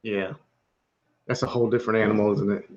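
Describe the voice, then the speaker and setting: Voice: mid-range voice, steady tone, quick pace, darkish tone, dull audio. A podcast co-host on a remote call, asking questions and answering with short, supportive agreement. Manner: supportive, brief agreeing replies. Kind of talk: casual chat.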